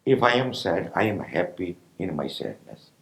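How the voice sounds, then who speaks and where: Deep-voiced Indian spiritual teacher, lively. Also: male voice, gravelly, poor audio. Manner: slow, pausing, rhetorical questions to listeners. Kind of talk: spiritual discourse to meditators.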